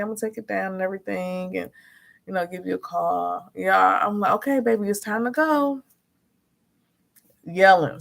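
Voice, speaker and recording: A woman chatting casually as a vlogger, frank and animated, acting out quotes as she tells her story. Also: mid-range voice, vocal fry. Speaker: notary and vlogger.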